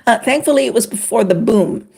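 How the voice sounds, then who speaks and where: An older woman from Canada, a former couples therapist, chatting on a livestream in an animated way and greeting viewers by name. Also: on the high side, a little fast, vocal fry, slightly rough. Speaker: relationship expert on a livestream. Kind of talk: casual livestream chat.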